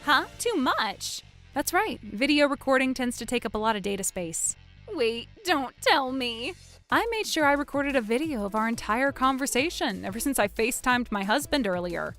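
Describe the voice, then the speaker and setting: Woman doing all the voices in a drama story, high and swoopy, music under it. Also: animated, normal speed, a bit bright. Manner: dramatic, shifts between characters. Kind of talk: acted story narration with many voices.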